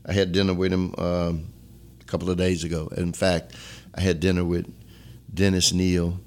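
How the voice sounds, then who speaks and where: Mężczyzna w średnim wieku z akcentem z Luizjany, z bardzo niskim głosem, opowiada szczerze i z namysłem w wywiadzie. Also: male voice, flat delivery, moderate pace. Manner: earnest, reflective, drops to a low hush when emotional. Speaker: former police chief, guest. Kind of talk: candid storytelling interview.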